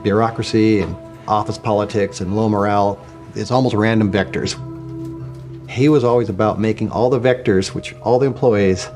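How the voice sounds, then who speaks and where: Guy in an interview clip, lowish voice, thoughtful and plain. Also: fairly even intonation, normal speed, a little mellow, soft background music. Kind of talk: interview recollection.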